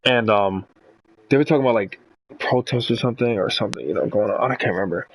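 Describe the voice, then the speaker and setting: A man's voice: lowish voice, quick pace, low-quality recording. A man streaming a video game, chatting casually in a rambling, profane way. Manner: rambling and profane, full of fillers. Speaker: gaming streamer. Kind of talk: casual chat while playing a video game.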